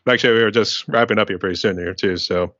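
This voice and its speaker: Fast-talking deep-voiced podcast host. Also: male voice, steady tone, a bit bright, no room sound, muffled recording. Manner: quick, easygoing questions. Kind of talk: casual interview chat.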